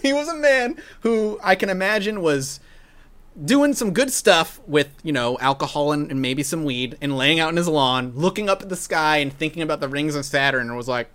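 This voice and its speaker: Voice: medium pitch, moderate pace, a bit bright. A podcast host telling a history story in casual chat, with a sarcastic, mocking manner.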